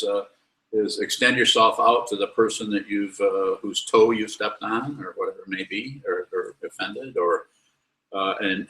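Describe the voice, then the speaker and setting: A lowish, bright and forceful male voice, blunt and wry as he lectures and answers students. The sound is roomy, with echo filling the meditation hall around him. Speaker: Buddhist teacher. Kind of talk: dharma talk with questions.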